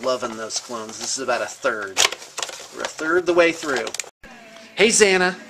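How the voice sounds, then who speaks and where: A man's voice: medium pitch, moderate pace, heavy background noise. A man hosting a casual tour of a painting studio, chatty and teasing, filmed on a handheld camera. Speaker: host of a painting studio channel. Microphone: handheld camera mic.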